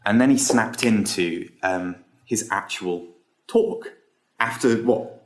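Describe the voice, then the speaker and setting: A man's voice: fairly low pitch, fairly even intonation, normal speed. A man, an entrepreneur guest on a podcast, telling a long story in a casual, hesitant way full of ums and restarts.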